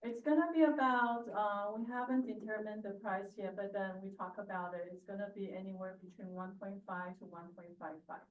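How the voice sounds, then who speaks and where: A woman's voice: medium pitch, fairly even intonation, fairly quick, few pauses, recorded from a distance, phone-quality sound. Chatty woman realtor in an echoey room. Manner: chatty, laughs between phrases. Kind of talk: casual meeting remarks. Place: large meeting room. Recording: echoey room, heard from afar.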